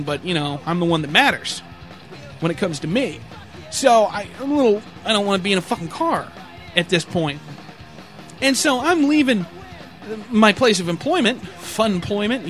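A man telling a rambling, profanity-heavy road rage story with animated asides, sounding a bit tired. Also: high voice. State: tired, yawning.

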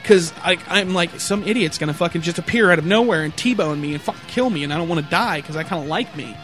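A man telling a rambling, profanity-heavy road rage story with animated asides, sounding a bit tired. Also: fairly high pitch, quick pace, soft background music. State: tired, yawning.

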